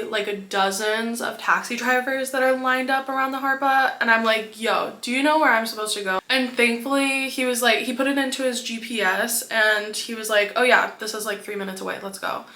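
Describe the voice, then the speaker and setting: Young woman, travel vlogger, bright tone, slightly high voice, candid, chatty, filler words. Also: echoey room. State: tearful, crying. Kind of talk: casual vlog narration.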